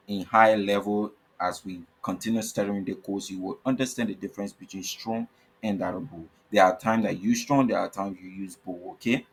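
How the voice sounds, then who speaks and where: Husky-voiced man teaching a coding lesson. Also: lowish voice. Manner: repetitive, checks in with frequent "okay?"; spells out tag names letter by letter. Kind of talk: screen-recorded coding tutorial.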